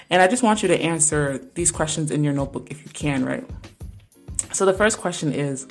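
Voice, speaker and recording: A young adult woman speaks casually on her own podcast in a slightly low voice. She sounds earnest and conversational, often dropping in "like" and "right?" as she talks about her work as a teacher.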